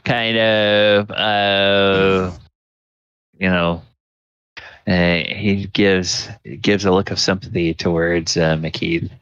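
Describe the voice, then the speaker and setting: A man with a low, deep voice runs a tabletop game at an unhurried pace, stopping often for fillers as he narrates. The sound is dull and muffled, with no room echo. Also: little pitch movement, a bit bright, clear, resonant tone. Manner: halting, many fillers. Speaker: game master.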